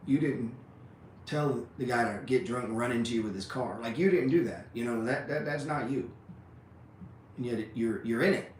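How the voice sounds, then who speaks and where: A man's voice: mid-range voice, normal speed. A man hosting a trading show, giving an unscripted motivational talk. He swears freely, speaks bluntly and keeps ending sentences with "man.". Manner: profane, blunt, repeats "man" a lot. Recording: roomy echo with faint ambient noise.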